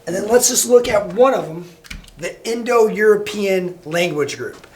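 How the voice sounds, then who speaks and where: A high-voiced man with a Midwestern American accent talks a class through his slides. His delivery is loose and casual, with plenty of fillers and restarts, like a high school teacher recording a lecture. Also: lively intonation, measured pace, slight background noise.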